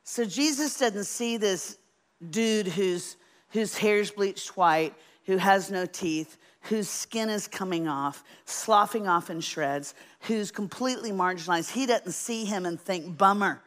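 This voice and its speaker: A woman preaching a sermon in an animated, folksy way, asking the congregation questions. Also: medium pitch, slow. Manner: animated, folksy, asks the audience. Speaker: Bible teacher.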